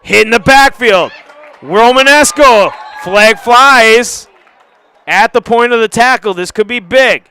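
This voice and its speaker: A man calls a high school football game play by play from the stadium, chatty between snaps and surging to shouts when a big play breaks. His voice sits high and rings bright. It comes through smooth and clean. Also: slow pace. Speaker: play-by-play announcer.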